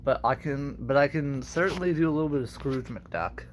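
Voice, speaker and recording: A man's voice: medium pitch, moderate pace, few pauses, a little hiss or hum. A young man and aspiring voice actor in a casual vlog, talking in a hesitant, self-deprecating way.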